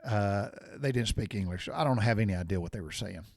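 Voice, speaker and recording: A man's voice: fairly low pitch, quick pace, vocal fry, a little mellow, no echo, studio quality. A man in his sixties chatting casually to his viewers, folksy and rambling, wandering off on tangents. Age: 60s. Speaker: vlogger. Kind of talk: casual chat.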